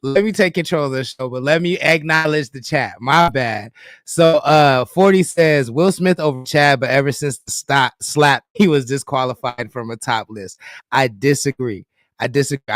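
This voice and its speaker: A man's voice: mid-range voice, moderate pace, no room sound, clean studio sound. A man hosting a podcast livestream, reading the chat aloud in a loose, joking way and laughing often.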